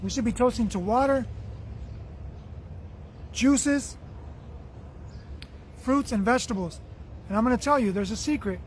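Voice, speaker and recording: High-voiced man, earnest spiritual host. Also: measured pace, pauses often, a little hiss or hum. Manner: earnest, affectionate, repetitive phrasing. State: losing his voice. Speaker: livestream host reading viewer comments. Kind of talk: spiritual motivational livestream talk.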